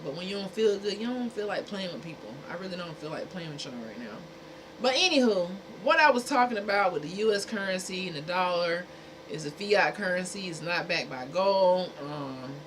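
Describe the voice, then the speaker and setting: Woman streamer, blunt and exasperated, casual talk to chat, mid pitch, noisy background. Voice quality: speaking from a dentist's perspective. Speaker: livestream host.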